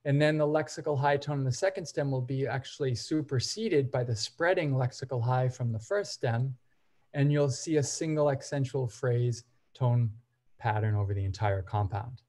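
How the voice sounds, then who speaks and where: A man gives an academic seminar lecture in a mid-range voice. He explains methodically, point by point, and sometimes pauses on brief hesitation fillers. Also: medium pitch, a little mellow. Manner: methodical, explains step by step while walking through examples. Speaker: seminar presenter.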